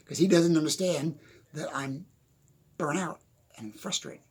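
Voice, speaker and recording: A man talking casually into the camera from his desk at home, giving unscripted motivational advice, chatty and quick to laugh. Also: a little high, darkish tone, slightly rough. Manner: chatty, laughs often, repeats "okay?". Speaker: motivational speaker.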